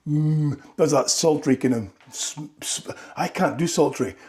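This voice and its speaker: Guy, comic monologue, rambly, keeps checking in with "right?", mid-pitched. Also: moderate pace, a little mellow. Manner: rambling, tags lines with "right?". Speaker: comedy vlogger. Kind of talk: comedic monologue.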